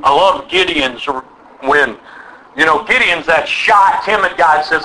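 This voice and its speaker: A man's voice: on the high side, a little slow, bright, forceful tone, poor audio. A man preaching a sermon, acting out voices of God and Bible figures and leading the audience in call and response.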